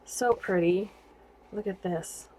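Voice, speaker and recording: A woman vlogging casually about craft gifts she received, gushing and excitable and laughing often, at home indoors. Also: mid-range voice, slow, rough recording. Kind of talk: casual show-and-tell vlog.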